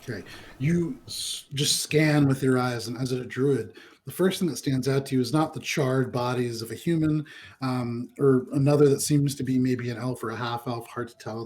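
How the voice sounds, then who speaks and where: A man serves as game master, describing a burning town at a tabletop game. His voice sits at an ordinary middle pitch. He narrates loosely, with frequent ums and kind ofs. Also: darkish tone, slight background noise. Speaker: dungeon master.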